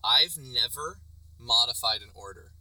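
A man's voice: mid-range voice, measured pace, sharp tone. A young man co-hosting a casual road-trip chat while driving, laid-back and hesitant, with lots of fillers. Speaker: podcast co-host, driver. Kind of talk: casual chat in a moving car. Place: inside a moving car. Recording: distant mic in a noisy car.

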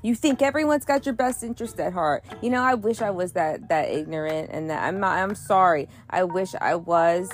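Low-voiced woman in a profane, rambling rant. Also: normal speed, few pauses, soft background music. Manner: heated and frustrated. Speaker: podcast host. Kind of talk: solo podcast monologue.

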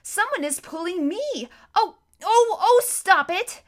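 Woman reading a sensible older schoolgirl, higher voice, earnest, storybook audiobook. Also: moderate pace, fairly bright tone. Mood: frightened.

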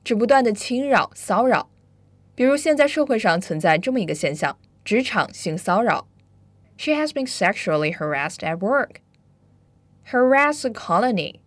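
A woman hosting a bilingual English lesson, upbeat, drilling words slowly and carefully. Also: fairly high pitch, very animated, dry recording. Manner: upbeat, switches between Chinese and English, slow careful pronunciation drills. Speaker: English teacher and host.

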